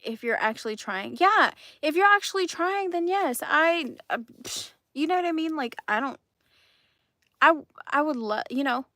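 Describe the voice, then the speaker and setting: A woman's voice: high-pitched, animated, moderate pace, a bit bright, no room sound, clean studio sound. A woman in her thirties hosting a crochet channel, chatting casually with viewers and telling stories with frequent laughs. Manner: chatty storyteller who laughs often. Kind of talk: casual livestream chat, answering comments.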